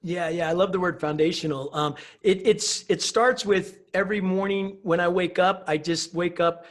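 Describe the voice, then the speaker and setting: A man's voice: high-pitched, fairly even intonation, moderate pace, fairly bright tone. A man talking as an interview guest in an upbeat, enthusiastic way, often ending his points with "right?" and "you know". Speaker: guest speaker. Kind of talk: conversational interview.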